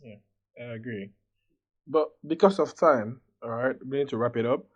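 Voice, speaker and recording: A man hosting a podcast, steering the conversation with brisk, prompting questions. His voice comes through a dull, lo-fi recording at a middle pitch. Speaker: podcast host. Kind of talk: casual interview chat. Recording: dull lo-fi sound.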